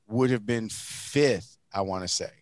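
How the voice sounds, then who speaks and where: A man's voice: fairly low pitch, a little slow, no room sound. A man, a guest on a podcast, exclaiming in disbelief and arguing his points. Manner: incredulous, exclaiming, then arguing. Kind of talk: casual podcast banter.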